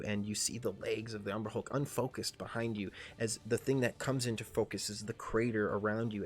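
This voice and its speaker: A man in his thirties running a tabletop game on a livestream, excitable and swearing constantly as he narrates and shouts battle cries. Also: on the low side. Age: 30s. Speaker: game master and player.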